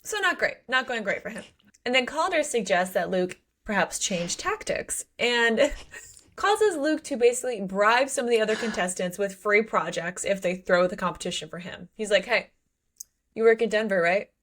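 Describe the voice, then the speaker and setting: On a laid-back book podcast, a female co-host with a mid-range voice keeps a moderate pace. Her recap is lively, and she voices the characters' dialogue as she goes.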